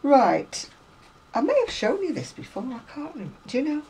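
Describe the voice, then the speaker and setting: A woman's voice: high-pitched, sing-song, moderate pace, mellow, slight background noise, rough recording. A woman chatting casually to viewers about craft magazines, rambling and self-deprecating, a little unwell. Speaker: craft vlogger.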